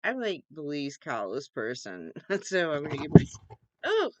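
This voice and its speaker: A woman's voice: sing-song, moderate pace, no echo, muffled recording. A young woman vlogging casually from home, chatty and rambling, laughing easily. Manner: baby-talks to her cat in a high voice. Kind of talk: off-the-cuff casual vlog. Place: at home with her computer.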